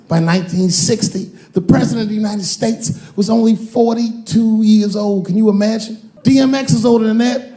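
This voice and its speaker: A man doing a stand-up comedy set on a big theater stage, telling stories and breaking into sudden shouted punchlines and acted-out voices. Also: high voice. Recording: roomy hall with long reverb.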